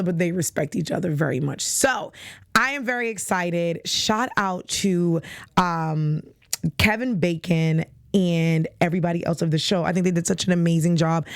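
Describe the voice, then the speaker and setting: A woman from the Boston area with a Boston accent, hosting a casual TV review show and chatting to viewers in a rambling, animated way. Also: on the low side, dry recording, studio quality. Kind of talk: casual recap chat. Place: studio.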